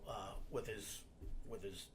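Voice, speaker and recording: A man's voice: on the low side, fairly even intonation, slow pace, slight background noise. A man guest, an entertainment reporter, telling anecdotes in a casual chat and acting out the quoted voices. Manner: acts out quoted voices in stories. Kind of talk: anecdotal storytelling.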